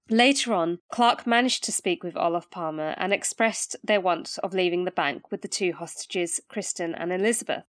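A woman's voice: mid-range voice, no room sound, studio quality. A woman co-hosting a true crime podcast, reading out the case steadily and breaking into chatty, laughing asides with her co-host.

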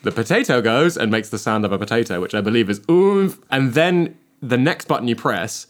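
A man's voice: mid-range voice, a little fast. A man, joking around in a casual comedic podcast chat. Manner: playful, acts out silly voices in quotes.

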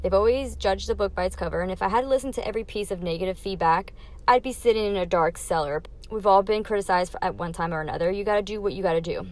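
A young adult woman with a mid-range voice talks fast on her own podcast, going candidly through a numbered list of life lessons in a casual, emphatic way.

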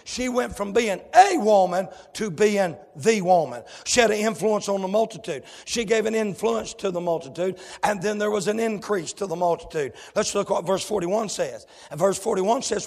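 Gravelly, high-pitched preacher shouting. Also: male voice, animated, normal speed, hardly any pauses, big-room sound. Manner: fiery, shouting Southern revival preaching. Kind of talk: sermon.

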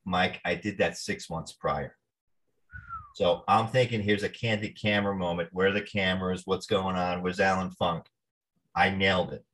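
Animated New man telling stories. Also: low voice, normal speed, slight background noise. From New Jersey. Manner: animated storyteller, acts out quoted voices. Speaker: actor guest. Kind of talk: storytelling interview.

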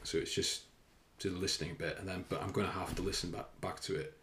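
A fitness coach hosts his own podcast, filming himself indoors and rambling casually and self-consciously in a solo chat peppered with fillers and the occasional swear word. His voice is low and bright-toned, with a level delivery at a fast clip. The recording has a roomy echo and a slight hiss or hum.

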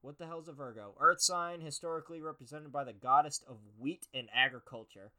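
A man's voice: fairly high pitch, brisk, pushed and bright. A young man hosting a casual podcast, reading horoscope text aloud and mocking it with profane, sarcastic asides. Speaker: podcast host. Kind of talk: casual comedic commentary.

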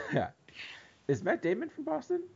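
A man co-hosting a casual podcast chat, animated, laughing and swearing freely. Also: very high voice, normal speed, gravelly, slightly rough, highs cut off. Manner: animated, profane, laughs often. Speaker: podcast co-host.

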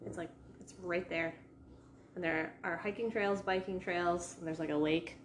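A woman's voice: on the low side, steady tone, normal speed, a little hiss or hum. Rambling woman with a New England accent. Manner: chatty, rambling, lots of likes and restarts. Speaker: vlogger. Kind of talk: casual chat. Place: rented house indoors.

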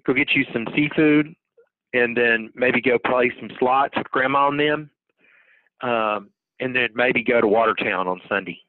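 A man's voice: mid-range voice, a little slow. A man with a drawl rambles through folksy stories and asides. His voice comes through thin and tinny, like a phone line. The sound is dry, with no room echo. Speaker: podcast co-host. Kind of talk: casual podcast chat.

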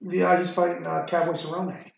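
Gravelly man in an echoey room. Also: high voice, flat delivery, normal speed, a little hiss or hum. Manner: rambling and profane, frequent fillers. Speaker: podcast host. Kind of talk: casual sports chat. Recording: echoey room, muffled sound.

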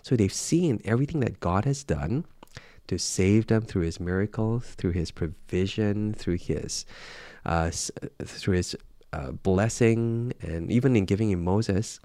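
A man's voice: on the low side, a little slow, mellow, no room sound. A man reading through a Bible passage and reflecting on it aloud in a casual, thoughtful way, with many fillers and restarts. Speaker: Bible reader.

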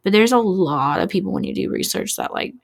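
Gravelly-voiced woman in chatty true-crime talk. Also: mid-range voice, expressive, a little fast. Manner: chatty, filler-heavy, "like" after every few words. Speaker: podcast host. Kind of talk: casual true-crime chat.

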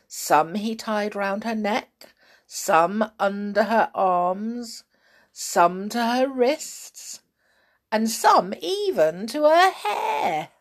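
Slow, expressive woman storyteller. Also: mid-range voice. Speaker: narrator. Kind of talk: storybook read-aloud.

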